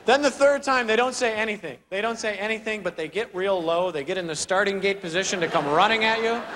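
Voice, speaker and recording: A young man doing an animated stand-up routine on a theater stage, acting out characters with voices and sound effects. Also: high voice, fast. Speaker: stand-up comedian. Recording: live theater recording with crowd noise. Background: audience laughter.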